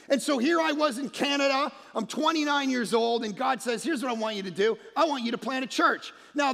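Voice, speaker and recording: A man preaching a lively, joking sermon, telling stories and shouting punchlines. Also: very high voice, vocal fry. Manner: animated storytelling, shouts punchlines, mocks accents softly. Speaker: pastor. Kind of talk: energetic comedic sermon. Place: large church auditorium. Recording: long hall reverb.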